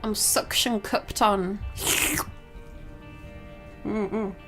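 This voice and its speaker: A woman's voice: mid-range voice, steady tone, extremely slow, a bit bright. A young woman streaming live, chatting casually and rambling, with frequent giggles and casual swearing. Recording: faint game music behind.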